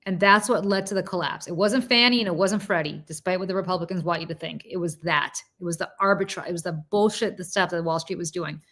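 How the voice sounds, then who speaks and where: A woman hosting a political talk show, telling a story in an animated, casual way with asides and restarts. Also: fairly low pitch, fast, few pauses. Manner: slips into mocking quoted voices of politicians. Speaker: political commentator and show host.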